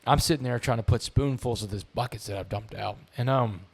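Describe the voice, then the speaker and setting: A middle-aged man speaks as a podcast guest, in a voice of ordinary middle pitch. He tells his story candidly and conversationally, dropping in casual swearing. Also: fairly quick, gravelly. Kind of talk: storytelling interview.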